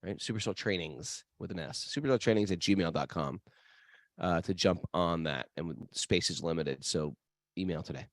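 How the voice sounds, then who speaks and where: Man, podcast host, low pitch, casual and playful, many restarts, dry. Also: moderate pace, no room sound.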